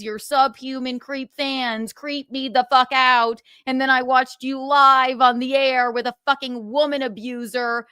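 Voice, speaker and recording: A woman's voice: on the high side, bright, forceful tone, clear, resonant tone, no room sound, clean studio sound. A young woman hosting a livestream, ranting with profanity and sarcasm. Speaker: podcast host.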